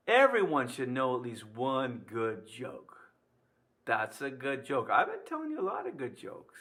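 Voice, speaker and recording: A man's voice: medium pitch, huge pitch swings, a little slow, a bit bright. A man teaching a music lesson on video, playful and quizzing, chanting rhythm syllables as he counts beats.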